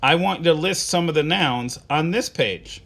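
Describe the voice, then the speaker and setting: A man's voice, on the high side and fairly bright with vocal fry, moves at a moderate pace as he teaches an online class. He patiently asks his students simple questions and reads short poems aloud in this recorded instruction.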